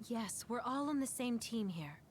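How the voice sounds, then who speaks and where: An actress voicing a gentle, earnest young woman who supports her friend in a video game. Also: on the high side, lively intonation, normal speed, a little hiss or hum, close to an everyday voice.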